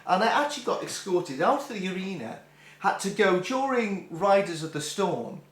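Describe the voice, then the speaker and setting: A man's voice: high-pitched, big pitch swings, moderate pace, a bit bright, echoey room. A middle-aged man telling a rambling, self-deprecating concert story with many restarts. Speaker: music vlogger. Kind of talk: casual storytelling.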